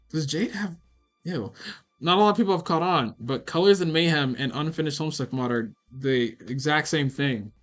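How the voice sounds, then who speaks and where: A man's voice: medium pitch, fairly bright tone. A young man answering chat questions on a casual livestream, rambling and swearing with many fillers. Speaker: animator streaming a Q&A.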